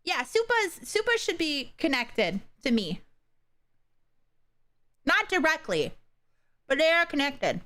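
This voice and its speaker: A young adult woman chatting casually with her livestream viewers, halting and soft-spoken, with many fillers and pauses. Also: high voice, very animated. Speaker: streamer.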